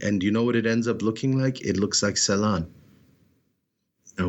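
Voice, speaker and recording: A man giving a reflective storytelling talk, intense and dramatic, pausing often with "uh" between phrases. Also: sits low. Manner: dramatic, intense storyteller with frequent pauses and "uh" fillers. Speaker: speaker telling a story.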